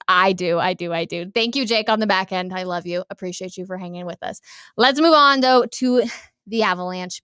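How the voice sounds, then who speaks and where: A young American woman hosting a casual sports talk show, chatty and animated, often speaking straight to her listeners. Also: medium pitch, smooth, dry recording, studio quality. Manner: chatty and animated, addresses listeners as "you guys". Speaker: sports radio host.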